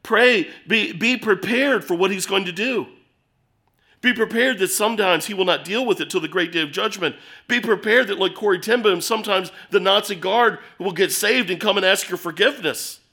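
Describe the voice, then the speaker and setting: A middle-aged pastor preaches emphatically at a moderate pace, his high voice swinging between loud urging and hushed storytelling.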